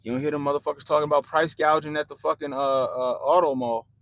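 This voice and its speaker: A young man hosting a livestream, ranting bluntly and profanely about politics to his chat in animated slang. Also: a little high, quick pace, a little hiss or hum, rough recording. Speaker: livestream host.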